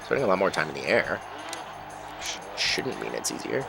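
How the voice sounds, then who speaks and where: A man giving casual, rambling commentary while playing a racing game, breaking off to react loudly whenever he crashes. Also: deep voice, big pitch swings, moderate pace, gravelly. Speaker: gaming channel host. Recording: game music behind voice. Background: game music and engine sounds.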